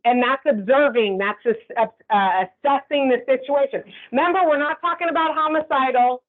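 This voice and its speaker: A woman's voice: sits high, normal speed. A woman instructor giving a conversational training lecture, often checking in with the class. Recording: tinny phone-like sound.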